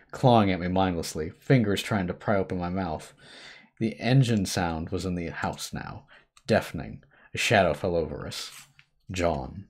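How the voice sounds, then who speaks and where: A man hosting a live stream, reading a horror story aloud with expressive shifts between hushed and urgent delivery. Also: low-pitched, breathy edge. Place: home streaming setup.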